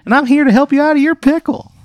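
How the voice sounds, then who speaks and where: A man voicing a cheerful male talking pickle, a greaser with a pompadour, in a high squeaky friendly voice for a tabletop game. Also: fairly even intonation, fast, no room sound. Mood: chipper.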